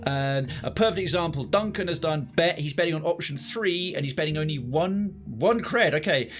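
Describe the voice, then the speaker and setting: Man in his twenties or thirties, somewhat high voice, live game commentary, swears and talks through his moves. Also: brisk. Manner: animated, swearing, thinks aloud. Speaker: streamer.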